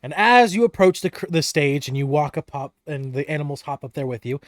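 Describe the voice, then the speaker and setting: A game master narrating a tabletop game in a playful, lively way, likely recorded at home over an online voice call. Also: medium pitch, fairly quick, dry recording, clean studio sound.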